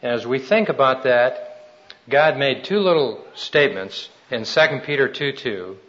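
A man's voice: medium pitch, lively intonation, moderate pace, fairly bright tone, lo-fi sound. A man preaching a sermon and telling his own testimony in an earnest, folksy storytelling way.

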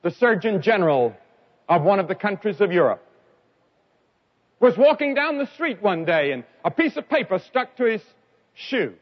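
A man preaching an evangelistic sermon, telling stories dramatically and swinging from loud cries to quiet lines. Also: very animated, moderate pace, long pauses. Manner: dramatic storytelling with sharp swings in pitch and loudness. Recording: dull lo-fi recording.

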